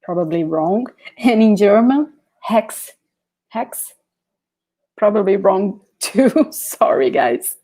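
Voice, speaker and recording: A woman's voice: mid-range voice, animated, measured pace, dark tone. A Brazilian woman whose first language is Portuguese, teaching a live online language lesson with a Brazilian Portuguese accent, repeating words patiently for practice and reading viewer comments aloud.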